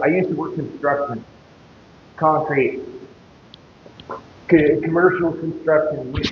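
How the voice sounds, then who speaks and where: A man tells a rambling, profanity-laced story on a live stream, his voice sitting a touch high. The sound is dull and lo-fi, carrying a long hall reverb and steady background noise. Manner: profane, rambling, laughs while telling stories. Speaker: fitness streamer. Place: gym, echoey room.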